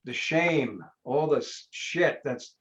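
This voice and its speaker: A man's voice: fairly high pitch, lively intonation, extremely slow, fairly bright tone. Blunt, emphatic man telling a story. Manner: emphatic, blunt, punchy short phrases. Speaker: hypnotherapist guest. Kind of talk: storytelling in a podcast interview. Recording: slightly dull lo-fi sound.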